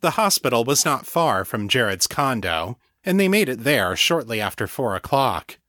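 A man reads a serial audiobook in a steady, measured style, at a middle pitch. The sound is dry and close, with no room at all. His pacing is even and unhurried. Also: dry recording. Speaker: audiobook narrator. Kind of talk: scripted narration.

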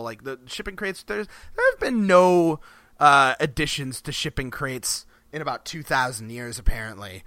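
Podcast guy rambling and laughing, crisp bright voice, dry close sound. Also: mid-range voice, no room sound. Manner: rambling, restarts often, laughs between phrases. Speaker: podcast co-host. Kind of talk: casual chat.

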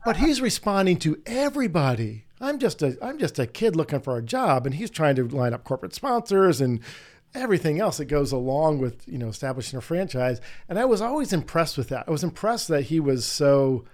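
A middle-aged man hosting an interview, telling long, animated anecdotes in a casual, rambling way. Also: a little high, a little fast. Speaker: podcast host.

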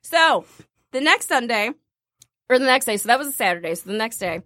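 A young woman co-hosting a casual chat, telling a story with animated, acted-out dialogue. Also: fairly high pitch, brisk, no echo, clean studio sound. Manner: animated storyteller, acts out quoted dialogue, laughs often. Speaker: podcast co-host.

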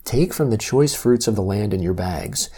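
A man giving a steady, expressive scripture reading. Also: on the low side, moderate pace, slightly rough. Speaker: scripture reader.

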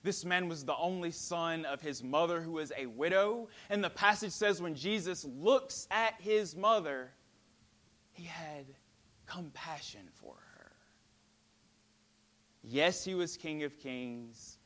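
A man preaching a sermon dramatically, swinging from ringing emphasis to a hushed near-whisper. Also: fairly high pitch, animated, a little slow.

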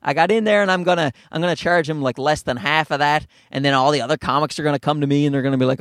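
A male comedian rambles through a solo podcast, running himself down and sliding into quick mock voices. His voice sits a bit higher than most men's, and the sound is close and dry on a studio mic. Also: fairly even intonation, a bit bright, dry recording. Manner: rambling and self-deprecating, slipping into mock voices. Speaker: stand-up comedian and podcast host. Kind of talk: casual solo podcast monologue. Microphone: studio mic through a field recorder.

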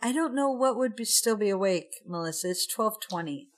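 An American woman co-hosting a podcast, chatting casually while tipsy after wine, laughing loudly and swearing playfully. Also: medium pitch, lively intonation, moderate pace. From United States. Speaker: podcast co-host.

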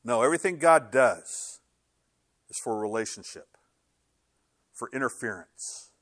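A middle-aged male pastor preaching a sermon in an animated, conversational way, slipping into sarcastic quoted asides. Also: mid-range voice, moderate pace, no room sound, studio quality.

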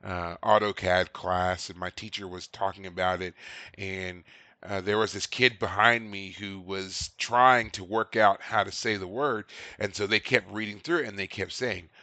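Guy cohosting a podcast, bright lowish voice, dry close sound, tells stories and does the quotes. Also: moderate pace, dry recording. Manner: animated storyteller, acts out quotes. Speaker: podcast co-host. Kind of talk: casual chat.

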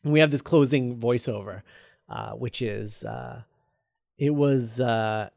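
A man's voice: medium pitch, gravelly, no echo. Guy recapping a movie script, lots of ums and uhs, dead dry close mic. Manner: halting, full of ums and uhs, reads quoted lines flatly. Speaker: podcast host retelling a film script. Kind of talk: casual chat.

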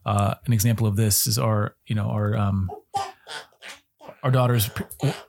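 A man's voice: lowish voice, fairly even intonation, measured pace, gravelly, a little mellow. A middle-aged man co-hosting a casual faith-based parenting chat, earnest and a little preachy with joking asides. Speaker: podcast co-host.

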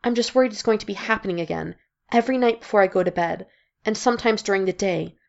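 A woman's voice: medium pitch, quick pace, creaky, muffled recording, close to an everyday voice. A woman voicing an anxious young woman worn down by recurring nightmares, in a storybook reading.

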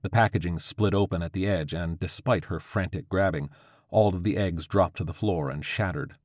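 Deep-voiced man narrating a story. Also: normal speed, a little mellow, dry recording, clean studio sound.

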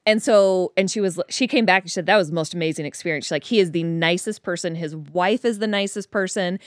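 A woman chatting casually and telling a story, acting out quoted dialogue in a higher voice. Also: fast talker, no echo, clean studio sound.

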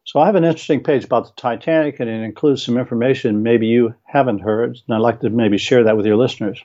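An older retired teacher, a man, answering interview questions and reading his own verse and notes aloud in a measured, explaining way with some hesitations. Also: medium pitch, mellow, highs cut off. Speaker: guest author, retired teacher.

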